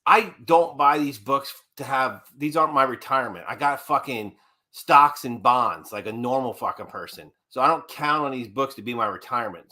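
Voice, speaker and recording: Bright-voiced man ranting bluntly. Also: mid-range voice, normal speed. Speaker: co-host. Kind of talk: casual livestream chat.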